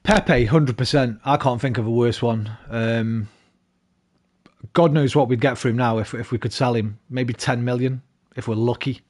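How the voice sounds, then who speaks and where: Speaking at a normal pace in a mid-range, slightly mellow voice, a man streams a football management game and chats with his audience. When the game goes wrong he curses and bursts out in frustration. The recording has a lot of background noise.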